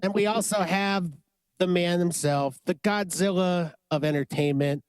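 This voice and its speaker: A man hosts a podcast with energy despite being sick. His voice sits a little high and sounds dry and close to the mic. He talks up his co-hosts with enthusiasm. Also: unhurried, clean tone, dry recording. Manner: energetic, hypes up guests. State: sick, under the weather. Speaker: podcast host. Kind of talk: upbeat casual chat.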